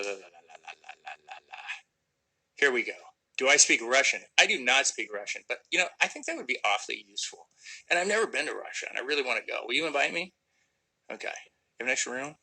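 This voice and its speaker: Gravelly-voiced man chatting on a livestream. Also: medium pitch, pushed and bright, rough recording. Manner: rambling, joking, trails off into mumbles. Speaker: actor answering fan questions. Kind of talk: casual livestream chat.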